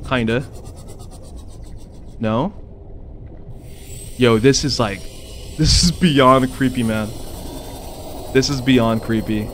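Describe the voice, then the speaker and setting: A man's voice: medium pitch, slow, pauses often, fairly bright tone, slight background noise. A young man giving let's play commentary on a survival game, jumpy and swearing a lot, yelping and panicking whenever creatures come near. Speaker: gamer.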